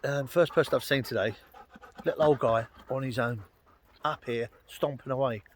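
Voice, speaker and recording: Slight background noise accompanies a mid-range male voice speaking at normal speed. The London-born vlogger is out on a hillside in Wales near some dogs, chatting loosely with lots of ums and uhs.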